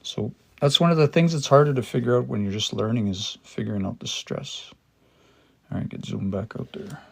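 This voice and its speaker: A man with a gravelly, mid-pitched voice talks through a casual language lesson. He thinks aloud, restarts his phrases and sounds words out one syllable at a time. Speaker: Cree language teacher.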